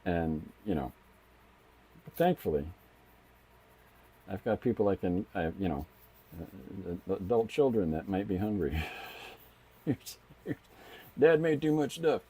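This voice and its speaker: Middle-aged male comic artist, deep relaxed voice, casual rambling live-stream chatter. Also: slow pace, long pauses, slightly rough. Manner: rambling, thinks aloud with frequent restarts. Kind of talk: casual live-stream chat while drawing.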